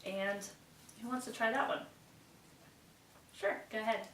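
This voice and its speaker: A woman's voice: a little high, fairly even intonation, unhurried, a bit bright, far from the mic. A woman teaching English pronunciation to a class, praising students often and reciting tongue twisters with care. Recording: roomy echo, voice away from the mic, faint background noise.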